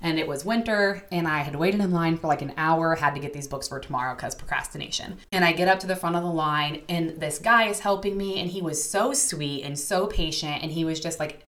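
A woman's voice: deep voice, a little fast, few pauses, a bit bright. A woman in her twenties co-hosting a podcast, telling stories in casual chat and acting out quoted voices. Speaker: podcast co-host.

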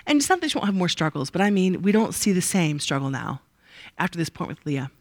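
A woman's voice: on the low side, quick pace, no echo, studio quality. Chatty woman teaching a Bible class. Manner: lively, asks the audience rhetorical questions. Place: room with a live group.

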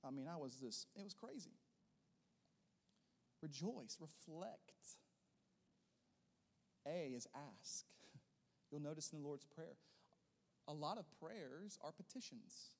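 High-voiced man preaching in a reverberant hall. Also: expressive, slow pace, vocal fry, pauses often. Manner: preaches loudly with rising bursts, then softer teaching. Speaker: pastor. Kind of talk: sermon.

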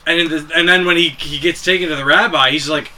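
A man co-hosting a film podcast, calmly retelling scenes in casual chat. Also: a little high, fast. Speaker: podcast co-host.

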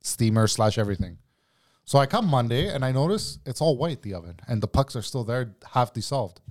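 A man's voice: mid-range voice, sing-song, a little fast. Man, casual podcast guest, heated, profane, acts out the dialogue. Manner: acts out both sides of arguments. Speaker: guest telling a work story.

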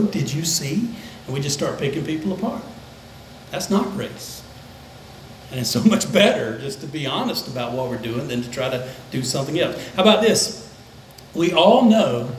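An older man, a pastor, preaching a conversational sermon that dips into soft, low tones for emphasis. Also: roomy sound, a little hiss or hum, low-quality recording. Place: church sanctuary.

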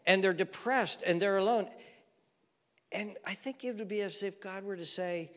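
A man preaching a sermon, swinging from loud mocking outbursts to soft, earnest appeals. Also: high-pitched, moderate pace, big-room sound. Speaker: pastor.

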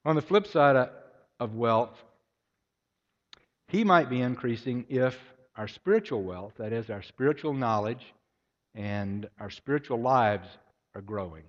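A preacher speaks unhurriedly at medium pitch with lively intonation, recorded in an echoey hall with dull lo-fi audio. His sermon is storytelling, with the characters in his anecdotes given their own voices.

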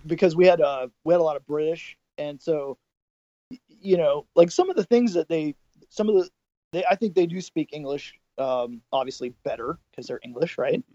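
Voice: mid-range voice, expressive, moderate pace, warm tone, no echo. Middle-aged person telling rambling stories. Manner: rambling anecdotes full of fillers and restarts. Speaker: podcast co-host. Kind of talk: casual storytelling chat. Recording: dull lo-fi dry sound.

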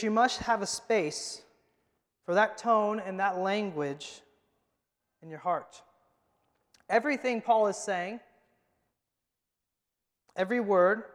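A man preaching a sermon as the pastor of his church, emphatic and moving from loud to hushed. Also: sits high. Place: church sanctuary. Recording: long hall reverb.

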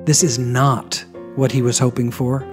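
Man, Bible teacher, scripted narration, medium pitch, dramatic pauses, faint music underneath. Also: flat delivery. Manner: dramatic pauses, drops to low emphasis.

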